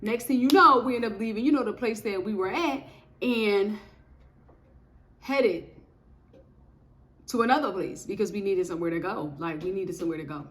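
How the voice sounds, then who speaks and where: A woman giving a casual spoken testimony of faith, telling her story in an animated, emphatic way with lots of repetition. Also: medium pitch, moderate pace, pauses often.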